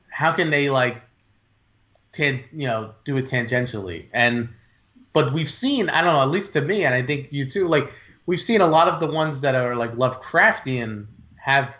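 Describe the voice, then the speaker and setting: A man's voice: medium pitch, pushed and bright, highs cut off. A man co-hosting a film podcast in casual chat, rambling with many fillers and restarts. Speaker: podcast co-host.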